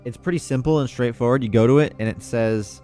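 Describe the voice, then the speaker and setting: A man's voice: mid-range voice, fast talker, dark tone, faint music behind. A man streaming a puzzle game, chatting in a laid-back, rambling, self-mocking way. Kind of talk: casual gameplay commentary.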